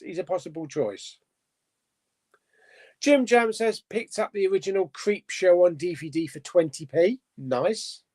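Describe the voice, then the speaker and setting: A man with a fairly high voice that swings up and down a lot, chatting unhurriedly as the host of a live show. He reads viewer comments aloud and muses to himself as he goes. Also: darkish tone. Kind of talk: casual live chat reading viewer comments.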